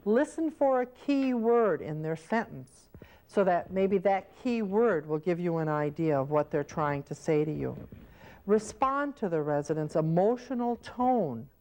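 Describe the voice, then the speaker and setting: A woman's voice: on the low side, lively intonation, a little slow, a little mellow. A woman teaching caregivers in an instructional training video, explaining patiently and acting out short example scenes. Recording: old VHS training tape.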